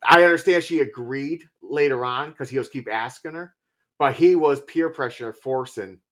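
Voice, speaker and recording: A man's voice: mid-range voice, normal speed, a bit bright. A man in casual conversation, bluntly and profanely retelling scenes from a film. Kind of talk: casual movie review chat.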